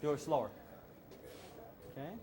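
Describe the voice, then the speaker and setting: A man's voice: a little high, normal speed, background noise. A male self-defense instructor coaching a hands-on class with short, repeated commands.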